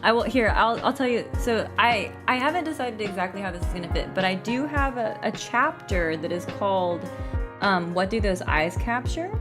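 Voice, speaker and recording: A woman's voice: mid-range voice, moderate pace, music in the background. A young woman gaming streamer in casual live-stream chat, giggly, rambling and playful.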